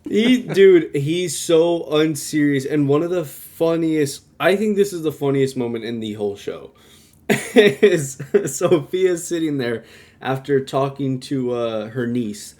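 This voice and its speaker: A man's voice: on the high side, slow pace. Young man laughing through a podcast recap. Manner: laughing, animated retelling. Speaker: podcast co-host. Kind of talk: casual chat.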